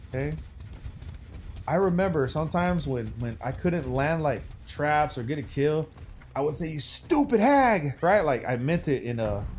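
A young man streaming a game, chatting loosely with his viewers in slangy banter that swings from hype to low mutters. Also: background noise. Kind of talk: casual gaming stream commentary.

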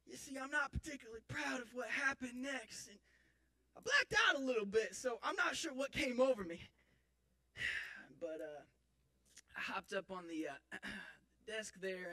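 A man's voice: high voice, sharp tone, exaggerated voice. A man playing a clumsy, boastful young man in a comic church skit, rambling and self-mocking with theatrical outbursts. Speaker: actor in a church Christmas skit. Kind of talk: comic stage monologue. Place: church stage. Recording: live church audience.

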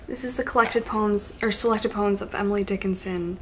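Woman, booktube vlogger, casual chat at home, excitable, gushing, gasps, hissy noisy recording with clicks. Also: medium pitch, a little fast.

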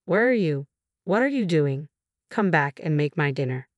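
A curt, controlling middle-aged husband, read out by a woman narrator in a low voice. He snaps short, dismissive lines with no warmth. The sound is dry and close, with no room around it. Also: animated, normal speed, dry recording, highs cut off. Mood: cold, dismissive.

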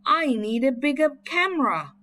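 A woman voicing Biff, an eager young girl exploring, in an excited exclaiming voice. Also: sits high, moderate pace, voice pushed up, exaggerated voice. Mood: delighted.

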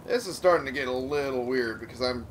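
A man's voice: mid-range voice, quick pace, slight background noise. A man giving casual gameplay commentary, muttering to himself, swearing often, and making fun of himself.

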